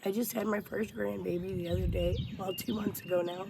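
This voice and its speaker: Emotional halting woman in her forties. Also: medium pitch, fairly even intonation, creaky. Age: 40s. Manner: halting, many fillers and restarts. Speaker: interviewee. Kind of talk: emotional personal storytelling. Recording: noisy outdoor background.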